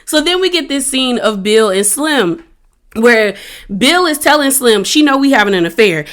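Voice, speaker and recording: Woman host, recap vlogger; animated and expressive, slightly higher voice, acting out lines from scenes. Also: normal speed. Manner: animated, retells scenes with quoted dialogue, exclaims. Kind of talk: casual episode recap.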